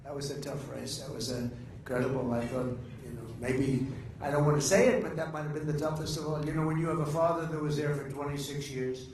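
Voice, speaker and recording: A man's voice: on the high side, little pitch movement, fast, a little mellow. Older man rambling boastfully in an echoey room. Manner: meandering, boastful, trails off mid-sentence with many uhs. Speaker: speaker addressing a political gathering. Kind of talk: rambling off-the-cuff speech. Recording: echoey room with faint background noise.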